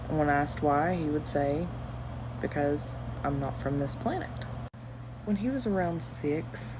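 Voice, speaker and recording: Woman, deep voice, flat delivery, noisy recording. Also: measured pace. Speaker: mother. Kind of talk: plain storytelling.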